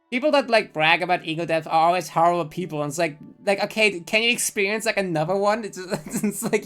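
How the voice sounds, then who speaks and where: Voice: medium pitch, fast talker, fairly bright tone, soft background music. A streamer commenting on a game live, blunt and rambling with frequent swearing and laughing asides.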